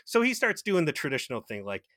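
A man's voice: a little high, huge pitch swings, fast, sharp tone, no room sound, studio quality. A man co-hosting a casual podcast, riffing on an episode with jokes and swearing. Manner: joking, profane riffing. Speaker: podcast co-host. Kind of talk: casual chat.

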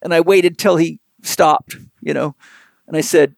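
A man who works as a physical therapist telling a long, animated anecdote in an interview, rambling with lots of fillers. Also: fairly high pitch, unhurried, gravelly, no room sound. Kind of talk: storytelling in an interview.

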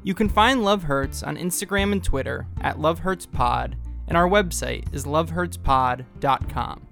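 A man's voice: a little high, moderate pace, creaky, fairly bright tone, soft background music. A man hosting a podcast, chatting casually with a guest and reading the outro credits. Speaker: podcast host.

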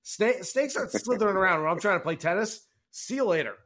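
A man hosting a golf betting podcast, chatting casually and telling stories with animated jokes. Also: high-pitched, quick pace. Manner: animated, jokey storytelling. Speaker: podcast host.

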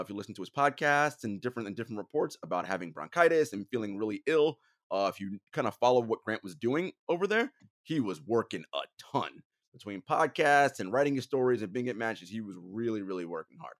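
A man hosting a sports podcast, speaking earnestly and often dropping into a somber hush. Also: on the low side, lively intonation, fairly quick. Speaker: podcast host. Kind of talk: casual podcast talk.

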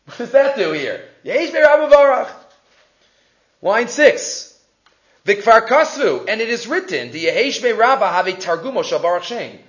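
A man giving a Torah class, explaining Hebrew and Aramaic texts in English with rhetorical questions. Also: high-pitched. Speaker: Torah teacher. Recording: echoey muffled room recording.

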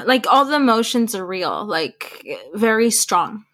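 Woman, excitable casual chatter, voice a bit high. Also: slow. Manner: excitable, reacts with gasps and laughs. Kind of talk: casual chat.

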